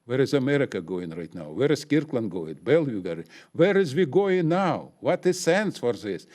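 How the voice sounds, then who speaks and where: A man at the public comment microphone of a city council, speaking emotional, broken non-native English. His pitch leaps up and down all through the rant, and his voice is middle-pitched. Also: very animated, moderate pace, hardly any pauses, a little mellow.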